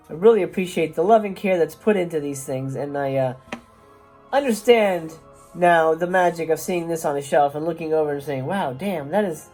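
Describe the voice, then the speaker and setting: A woman with a low, relaxed voice talks through a movie review as a channel host. She is chatty and dryly joking, and she hesitates often between thoughts. Faint music plays behind her. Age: adult parent. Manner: chatty and wry, with frequent "uh" hesitations. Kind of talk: casual video review.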